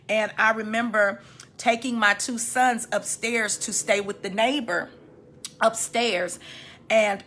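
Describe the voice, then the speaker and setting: A woman in her fifties giving a personal testimony, emotional and halting, her voice often dropping soft and low. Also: a little hiss or hum. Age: 50s. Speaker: women's healing teacher sharing her story.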